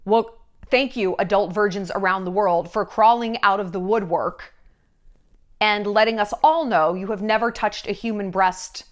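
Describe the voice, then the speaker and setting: A woman's voice: mid-range voice, moderate pace. A woman in her thirties hosting a celebrity gossip vlog, sarcastic, brash and profane. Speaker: vlogger host.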